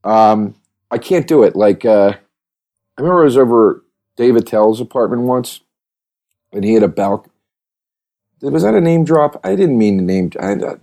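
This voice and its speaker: A man hosting a podcast, rambling through a comedic monologue with profane, animated rants that keep second-guessing themselves. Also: medium pitch, moderate pace, creaky, pauses often.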